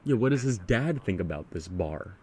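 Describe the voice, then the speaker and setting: Earnest low-voiced man hosting a podcast. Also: expressive, moderate pace, dark tone. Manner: earnest, repetitive, leading questions. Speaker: podcast host. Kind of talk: casual music chat.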